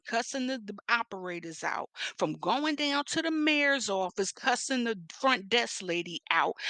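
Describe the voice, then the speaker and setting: Woman, Philadelphia accent, vlog rant, confrontational, mocking, bright voice, dry close sound. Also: fairly high pitch, dry recording. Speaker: vlogger.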